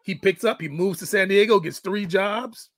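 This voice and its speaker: A man's voice: sits high, moderate pace, a bit bright, no room sound. A middle-aged man and father telling a parenting story in casual chat, acting out the quoted lines. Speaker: guest, fitness coach and father.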